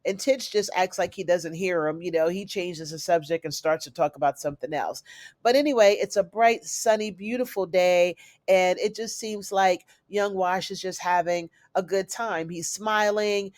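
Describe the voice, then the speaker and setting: A woman's voice: fairly low pitch, normal speed, a little mellow, dry recording. A woman giving a chatty, casual recap of a TV episode, calling her viewers y'all and honey. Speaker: TV recap reviewer.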